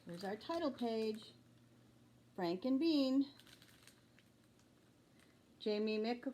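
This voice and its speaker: A woman teacher reads a children's chapter book aloud in a slow, deliberate storybook manner. Her voice sits a little high, and she takes her time with each page. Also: expressive, dark tone.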